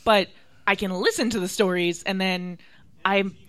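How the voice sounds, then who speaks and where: Guest woman, bright and eager, laughs easily. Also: mid-range voice, fairly even intonation, moderate pace, clear, resonant tone, no echo. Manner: enthusiastic, laughs often. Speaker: podcast guest, artist. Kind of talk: casual chat.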